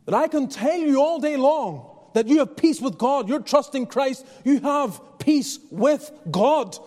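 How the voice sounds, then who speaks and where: A man's voice: extremely high pitch, lively intonation, measured pace, darkish tone, in a large hall. A man preaching a sermon as pastor, earnest and conversational, often restarting his phrases. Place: church.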